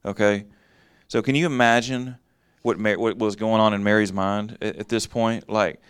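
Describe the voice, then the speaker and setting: A man's voice: lowish voice, steady tone, moderate pace, clear, resonant tone, no room sound, studio quality. A man giving a casual Bible teaching, reading verses aloud and then explaining them in plain, conversational talk.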